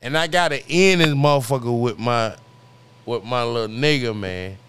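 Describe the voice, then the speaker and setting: A man's voice: medium pitch, moderate pace, fairly bright tone, smooth. Stammering, laid-back male podcast host. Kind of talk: casual podcast chat.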